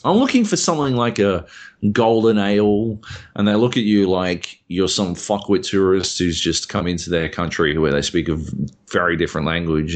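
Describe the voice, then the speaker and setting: A young Australian man, a podcast co-host, rambling through a casual chat and swearing freely. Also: low voice.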